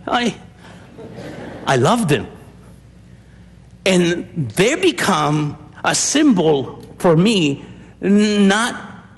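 Animated older male preacher in reverberant hall. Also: fairly high pitch. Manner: emphatic, animated preaching with rhetorical questions. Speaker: pastor. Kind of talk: sermon. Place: church.

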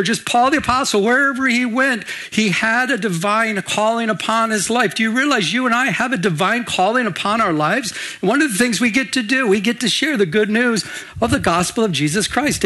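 An older male pastor delivers his sermon in an easy, conversational way, repeating words and restarting sentences as he thinks aloud. His voice sits a little higher than most men's, and he keeps asking the room for an amen. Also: a bit bright.

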